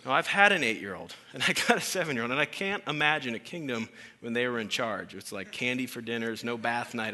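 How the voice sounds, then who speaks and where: A pastor in his thirties delivers a sermon in a loose, conversational way. His voice is bright and forward, and he peppers the talk with jokes and questions to the congregation. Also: mid-range voice. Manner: casual, joking, conversational preaching with questions to the congregation.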